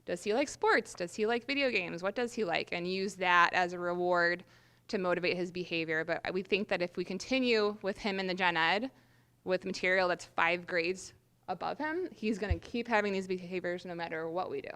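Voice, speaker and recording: Woman, teacher, group presentation, bright tone, smooth clear voice, earnest, hesitant pauses. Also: lowish voice.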